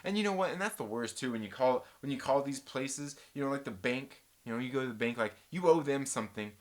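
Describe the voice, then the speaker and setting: A man hosting a casual live-stream chat, reading viewer comments aloud and telling rambling, animated stories with restarts and mild cursing. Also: medium pitch, quick pace. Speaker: host.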